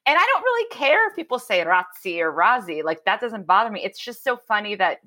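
A woman hosting a podcast who chats casually with her guest. Her voice is bright and sharp, and it moves up and down a great deal. She keeps things loose and friendly, with plenty of fillers. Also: fairly high pitch, quick pace. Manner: lively, chatty, many fillers. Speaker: podcast host.

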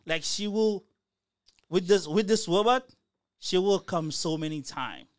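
A man's voice: high-pitched, measured pace, dry recording, clean studio sound. A man in his thirties co-hosting a casual chat, telling a long story and acting out the quotes. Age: 30s. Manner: animated storyteller, acts out quotes. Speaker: podcast co-host.

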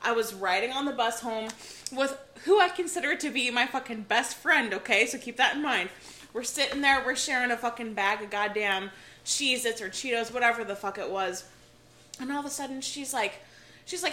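A woman's voice: on the high side, moderate pace, sharp tone, reverberant. A young adult woman co-hosting a podcast, blunt and profane as she tells a childhood story. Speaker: podcast co-host. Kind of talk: casual chat, storytelling.

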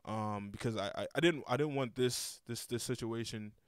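A man's voice: mid-range voice, moderate pace, dry recording, clean studio sound. A young man hosting a casual podcast, rambling with lots of repeated words and cursing freely. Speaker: podcast host.

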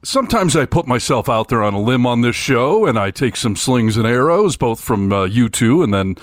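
A man co-hosting a casual talk show from a room at home, easygoing and quick to laugh along with the banter. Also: medium pitch, sing-song, no room sound. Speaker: podcast co-host. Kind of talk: casual chat.

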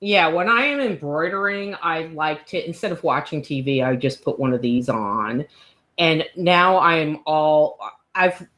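A woman chats as a podcast co-host, her voice sitting low. She tells her stories in an animated, gushing rush. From New York. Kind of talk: casual chat.

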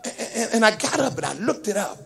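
High-pitched gravelly preacher man. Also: sing-song, quick pace. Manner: rhythmic preaching that swings between hushed talk and sung, shouted peaks. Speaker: pastor. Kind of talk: sermon.

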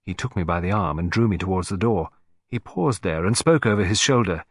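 A man reading a detective story aloud in a measured, expressive storytelling manner. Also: low voice. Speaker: audiobook narrator. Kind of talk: scripted storybook narration.

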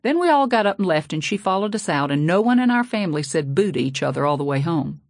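A woman's voice: fairly low pitch, very animated, fast talker, dry recording, clean studio sound. A woman narrating a novel in a folksy, sassy first-person voice. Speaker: audiobook narrator. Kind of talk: scripted narration.

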